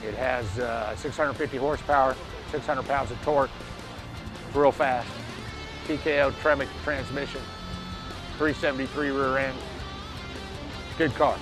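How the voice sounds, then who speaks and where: A man's voice: mid-range voice, steady tone, normal speed, pauses often, over music. A man describing his car in a matter-of-fact way, listing its specs. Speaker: car owner. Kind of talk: casual explanation.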